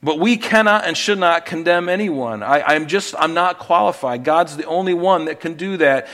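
A man's voice: a little high, moderate pace, fairly bright tone. A middle-aged man preaching a sermon in a conversational way, asking rhetorical questions and restarting his sentences. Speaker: pastor.

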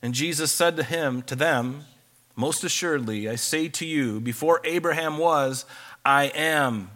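Bright-voiced man preaching. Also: on the high side, a little slow. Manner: reads scripture aloud, then explains it conversationally. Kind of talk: sermon.

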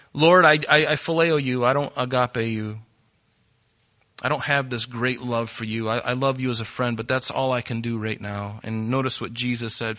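A pastor preaching an earnest sermon, often repeating words and acting out Bible dialogue. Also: male voice, mid-range voice, sharp tone.

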